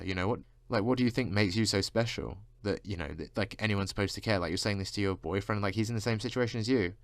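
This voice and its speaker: A man's voice: lowish voice, quick pace, few pauses, dry recording. A man vlogging a casual rant, constantly saying "like" and swearing freely. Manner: fills speech with "like", swears freely.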